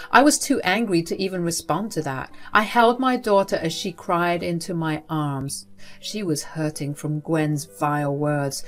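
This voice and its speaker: A woman narrating a first-person story in a steady, dramatic way. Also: fairly low pitch.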